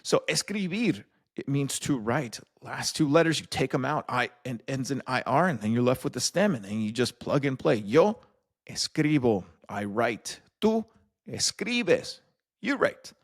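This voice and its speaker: A man's voice: medium pitch, big pitch swings, unhurried. A young man hosting a casual Spanish lesson, joking loosely with many fillers and restarts. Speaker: Spanish teacher and host.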